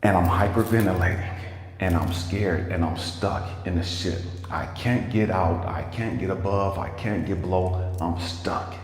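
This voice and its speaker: A man's voice: low-pitched, a little slow. A man, a life coach, telling a livestreamed motivational story in an emphatic, casual way, swearing freely and talking straight to his viewers. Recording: echoey room with long reverb and faint noise.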